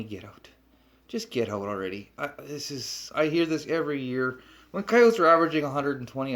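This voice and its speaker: Blunt, animated man lecturing. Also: mid-range voice. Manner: blunt, animated, swears, many rhetorical "okay?"s. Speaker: trapping instructor. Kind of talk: blunt off-the-cuff talk to camera.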